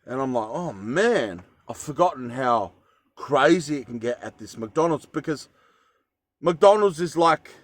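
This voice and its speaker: A man's voice: medium pitch, animated, unhurried. An Australian man telling a story in a casual vlog, rambling with fillers and self-corrections. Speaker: vlogger.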